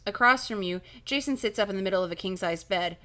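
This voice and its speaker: Woman streamer, mid-pitched voice, reads a spooky book aloud live and keeps breaking off into casual, swear-dotted chatter. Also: fast, sharp tone. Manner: casual, swears, laughs at own slips.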